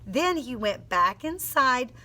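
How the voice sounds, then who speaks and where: A woman teacher reads a storybook to little kids in a slow, unhurried way, stopping to sound out words with them. Her voice is bright and a bit high, expressive and encouraging. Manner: expressive storytelling with phonics coaching. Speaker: teacher reading aloud. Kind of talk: read-aloud lesson for young children.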